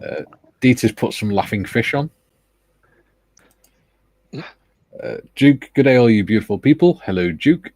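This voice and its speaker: A man's voice: medium pitch, lively intonation, measured pace, pauses often, a little mellow. A man hosting a live panel, reading out the viewer chat and greeting each person in a jokey, chuckling way. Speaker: host. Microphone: video call.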